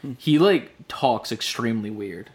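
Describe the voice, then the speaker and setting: A man's voice: medium pitch, animated, normal speed, no echo. Rambling young man, casual chat. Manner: rambling, filler-heavy storytelling.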